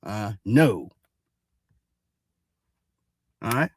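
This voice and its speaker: A man's voice: fairly low pitch, very animated, a little slow, slightly rough, dry recording. A man hosting a ranting commentary show, heated and mocking, cursing and repeating "all right?" again and again. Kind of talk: ranting commentary on social media posts.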